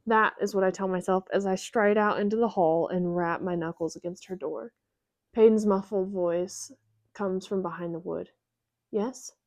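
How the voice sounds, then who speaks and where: Woman narrator, audiobook reading, measured, dry close mic. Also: mid-range voice, steady tone, a little mellow, dry recording. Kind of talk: scripted narration.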